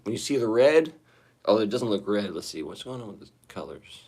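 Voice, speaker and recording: A man talking into his phone on a loose live stream, his voice hoarse and shaky as though he sang too hard last night. He rambles, restarts his sentences, and swears casually while chatting with his viewers from the bathroom. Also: on the low side, lively intonation, a little fast, a little mellow, a little hiss or hum. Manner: rambling, profane, talking to chat. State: hoarse, shaky voice after singing. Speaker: livestreamer. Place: sitting in a bathroom.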